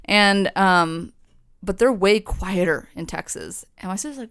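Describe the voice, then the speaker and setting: Young woman, podcast co-host, smooth voice; casual swearing storyteller who acts out quotes. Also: medium pitch, unhurried, a bit bright. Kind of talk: casual chat.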